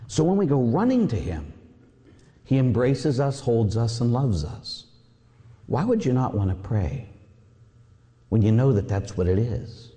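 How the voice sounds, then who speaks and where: A Catholic priest preaching a sermon, telling stories with lively energy and acting out voices. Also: male voice, mid-range voice. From Pittsburgh area. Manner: animated storytelling, acts out voices. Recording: long hall reverb.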